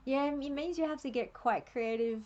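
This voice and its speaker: An Australian woman streaming a game, chatting and thinking aloud in a relaxed, laughing way. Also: high-pitched, moderate pace, highs cut off. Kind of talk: casual live-stream commentary.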